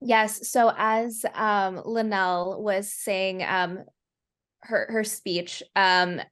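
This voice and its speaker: A woman's voice: mid-range voice, steady tone, very slow, fairly bright tone, clear, resonant tone. A woman playing a tabletop role-playing game, talking hesitantly with many fillers. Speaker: player.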